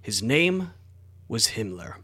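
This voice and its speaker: Man putting on a Russian accent, brooding old mystic, solemn prophet voice, lively pitch, bright tone. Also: takes it slowly, slightly rough, full character voice. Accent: put-on Russian. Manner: dramatic, brooding recitation. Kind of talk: dramatic reading of a quote on a podcast.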